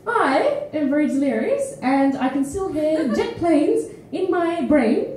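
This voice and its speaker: Tired Australian woman poet, high voice, frank stage banter, echoey mic from far off. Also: unhurried, slight background noise. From Perth, Australia. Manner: animated, frank, swears often, laughs mid-sentence. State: tired and phlegmy. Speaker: feature poet. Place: small indoor studio venue with live audience.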